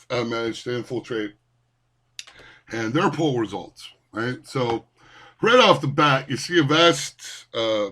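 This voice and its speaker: A man's voice: medium pitch, a bit bright. A man delivering an angry, profane rant to camera, heated and cursing, often stumbling and repeating words. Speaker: vlogger ranting.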